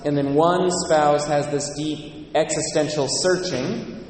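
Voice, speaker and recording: Man, priest, earnest conversational sermon, slightly high voice, echoey church, distant mic. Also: measured pace, a little mellow, slight background noise. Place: large church.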